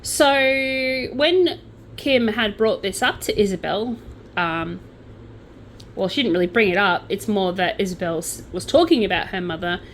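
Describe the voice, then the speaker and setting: A woman's voice: mid-range voice, animated, a little slow, a little hiss or hum, low-quality recording. A young Australian woman hosting a true crime channel, telling the story in a casual, chatty way with sardonic asides.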